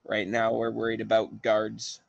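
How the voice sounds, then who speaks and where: A man voicing a plain-spoken male adventurer who talks things through slowly in a tabletop game. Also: lowish voice, completely flat delivery, creaky, dry recording, dull audio. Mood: matter-of-fact.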